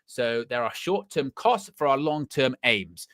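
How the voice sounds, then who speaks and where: A man's voice: mid-range voice, animated, a little slow, fairly bright tone, no echo. A young man putting on a foreign accent to read out a football manager's earnest statement. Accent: put-on foreign accent.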